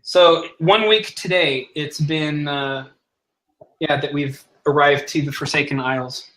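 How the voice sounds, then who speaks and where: A man's voice: fairly high pitch, fairly even intonation, a little slow, fairly bright tone, a little hiss or hum, poor audio. A man narrating as game master of a tabletop role-playing game, chatty and laughing often.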